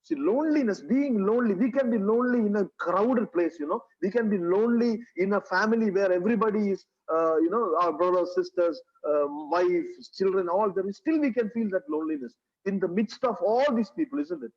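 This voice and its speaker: Here a man gives a church sermon as pastor, his Kerala-accented English high, husky and a little mellow. He goes a little fast with few pauses, earnestly repeating lines and throwing rhetorical questions at the congregation. The audio is lo-fi and dull.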